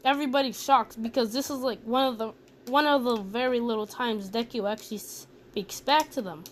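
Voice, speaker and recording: Woman narrator, casual and rambling, slightly high voice. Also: steady tone, moderate pace, a little hiss or hum. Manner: chatty, rambling asides. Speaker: fan storyteller. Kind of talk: casual fan-story narration.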